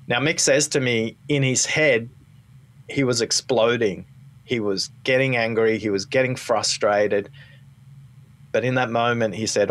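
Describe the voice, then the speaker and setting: A man with an Australian accent, a guest on a podcast, telling a story with lively quoted voices. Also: mid-range voice, measured pace. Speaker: guest, listening expert.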